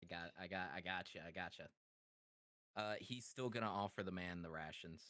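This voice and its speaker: Low-voiced man playing a tabletop game. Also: normal speed, bright, forceful tone, dry recording, clean studio sound. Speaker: player.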